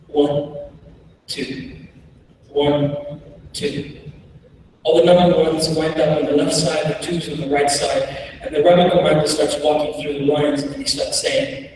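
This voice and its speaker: A man giving a keynote speech, telling a personal story in slow, measured phrases with dramatic pauses. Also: on the high side, steady tone, a little mellow, a little hiss or hum. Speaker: keynote speaker. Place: large conference hall. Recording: echoey hall recorded from far off.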